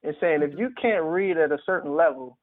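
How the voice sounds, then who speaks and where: A man's voice: on the high side, fairly quick. A man speaking as a podcast guest, emphatic and urgent, often stammering over his words. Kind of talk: impassioned podcast conversation. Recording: tinny phone-line audio.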